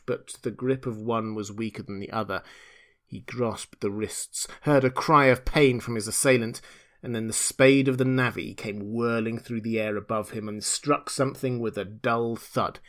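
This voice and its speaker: A man reading a classic novel aloud in measured, dramatic storytelling narration. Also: medium pitch, steady tone, a bit bright. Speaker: audiobook reader.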